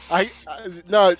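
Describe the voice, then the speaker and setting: High, lively man from Tennessee. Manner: giggly, playful questions. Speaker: player. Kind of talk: casual chat.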